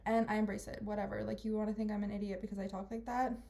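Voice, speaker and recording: A young woman hosts a podcast solo, rambling casually in a rapid-fire, mid-range voice that's creaky and mellow with little pitch movement. Chatty and full of valley-girl "like" fillers, she interrupts herself and jumps from topic to topic in a casual monologue.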